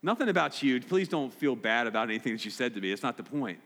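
A man's voice: mid-range voice, big pitch swings, fast, a bit bright. A man preaching a sermon as pastor, direct and emphatic, repeating key points. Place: church sanctuary. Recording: long hall reverb.

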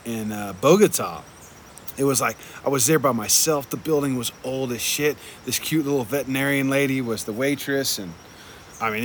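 A man's voice: medium pitch, a bit bright, a little hiss or hum. Laid-back swearing young man telling a travel story. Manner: laid-back, heavy swearing, lots of "like" and "dude". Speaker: traveling motorcycle vlogger. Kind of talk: casual rambling travel storytelling.

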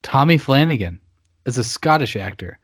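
A man's voice: mid-range voice, expressive, normal speed, slightly rough, no echo, studio quality. A man co-hosting a casual movie chat in a laid-back way, sharing trivia and swearing casually. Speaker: podcast co-host.

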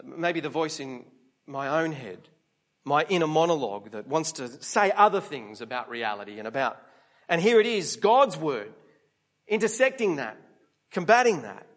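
Man, high voice, preaching a sermon, chatty, rhetorical questions. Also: sing-song, moderate pace. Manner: conversational, asks the congregation rhetorical questions.

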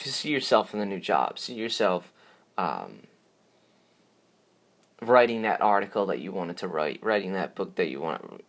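Casting: man, lowish voice, solo podcast host, loose and meandering delivery with lots of restarts. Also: vocal fry. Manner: rambling, repeats words, yawns, drifts off track. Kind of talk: casual solo podcast talk.

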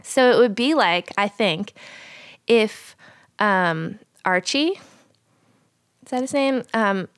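A young adult woman co-hosting a casual Bible discussion podcast, telling the story with lively put-on voices for the people in it. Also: medium pitch, slow pace, pauses often, no room sound, clean studio sound. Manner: animated storyteller, acts out voices in quotes. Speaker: podcast co-host.

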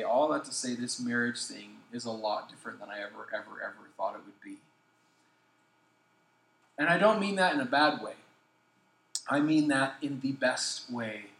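A man's voice: medium pitch, fairly bright tone, echoey room, slight background noise, poor audio. A young adult man, a pastor, telling a funny story in a sermon, acting out quotes and laughing as he goes.

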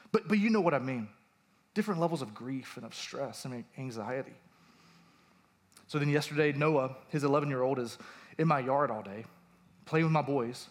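A man in his thirties, a pastor, preaching a conversational sermon with personal stories and emphatic rises. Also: mid-range voice.

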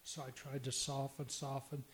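An older man, a former pastor and panel guest in a church, slowly and earnestly telling a story from his marriage. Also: medium pitch, level tone. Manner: slow, reflective, earnest. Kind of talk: personal storytelling.

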